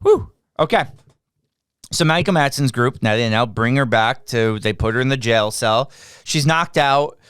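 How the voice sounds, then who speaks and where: A man's voice: mid-range voice, animated, measured pace, fairly bright tone, clear, resonant tone, no echo, studio quality. A man co-hosting a podcast, recapping a film in casual chat with an exasperated, sarcastic edge. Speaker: podcast co-host. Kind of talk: casual movie review chat.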